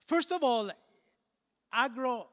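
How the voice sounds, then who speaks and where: A man with an Italian accent giving a conference talk in English, halting and repeating words as he searches for phrasing. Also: very high-pitched, animated, bright, forceful tone. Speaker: conference speaker. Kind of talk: conference presentation. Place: large conference hall. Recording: reverberant hall.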